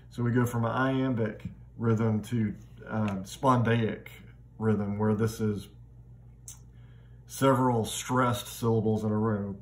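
A man gives a reflective classroom lecture on literature, thinking aloud and often restarting his phrases. His lowish voice has fairly even intonation, and he takes it slowly. Faint background noise runs under the recording.

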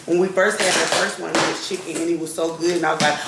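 A woman's voice: low-pitched, fairly even intonation, fast, few pauses. A young woman, chatting casually to her viewers in a rambling vlog at home. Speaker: vlogger. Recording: echoey room with clear background noise.

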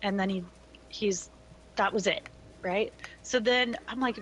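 A middle-aged woman streaming a game, chatting casually with friends and telling animated stories with acted-out quotes and frequent laughter. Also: mid-range voice, normal speed, slight background noise, rough recording. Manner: animated storyteller, acts out quoted voices, laughs often. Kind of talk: casual gaming chat storytelling.

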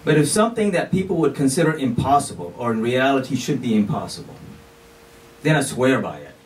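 A man's voice: mid-range voice, sing-song, fairly quick. A man giving an explanatory sermon from the pulpit of a mosque, talking conversationally with frequent "you know" and Arabic phrases. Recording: distant mic with faint background noise.

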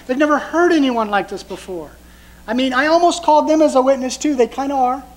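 High-voiced man preaching a sermon. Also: rough recording. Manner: conversational, emphatic preaching with rhetorical questions. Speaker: pastor.

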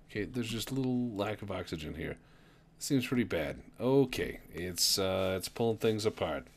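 A man giving casual gameplay commentary with wry, deadpan asides. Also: fairly low pitch, normal speed. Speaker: gamer.

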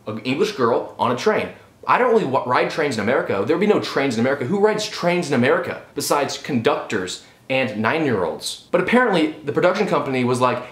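A young man giving a sarcastic, profane movie review rant on his vlog. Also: medium pitch. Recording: roomy echo.

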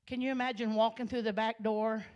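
A woman from Arkansas, telling her life story as a church sermon, storytelling that swells into loud, passionate preaching. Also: a little high, level tone, fairly quick, muffled recording. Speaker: guest speaker giving testimony. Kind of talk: Pentecostal sermon testimony. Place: church sanctuary.

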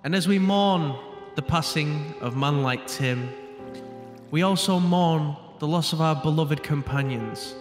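A young man, talking slowly in a fairly high voice. His voice rings with a long echo, as if in a big reverberant room. Faint music plays behind him. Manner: reads a solemn mock eulogy, breaking into laughter. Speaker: gamer. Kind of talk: casual gaming chat and mock eulogy reading.

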